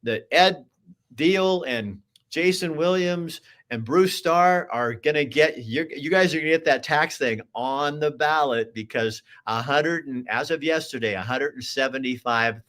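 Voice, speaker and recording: A man's voice: on the high side, measured pace, fairly bright tone. Emphatic talk-show host man. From Oregon. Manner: emphatic, preachy, repetitive restarts. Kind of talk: political talk show, reading viewer comments.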